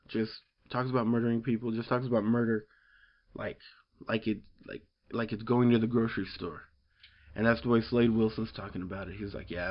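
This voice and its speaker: Male vlogger, casual rambling recap voice, filler-heavy, average pitch, lo-fi muffled audio. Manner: rambling, filler-heavy, quotes characters loosely. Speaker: comic book reviewer.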